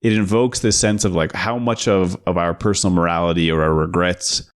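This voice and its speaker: A man's voice: sits low, steady tone, fairly quick. A man co-hosting a podcast, talking through a film's moral questions in a thoughtful, step-by-step way. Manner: thoughtful, builds arguments step by step. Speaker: podcast co-host. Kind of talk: casual film discussion.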